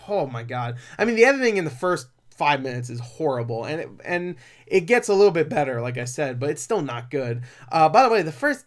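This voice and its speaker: A man's voice: a little high, a bit bright. A man giving a casual movie review, rambling with lots of fillers and profane, exasperated outbursts.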